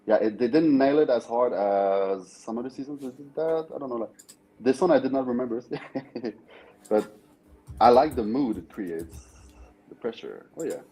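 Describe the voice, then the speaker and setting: A man guest on a fan podcast, talking in an animated, jokey way. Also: medium pitch, moderate pace. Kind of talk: casual fan chat.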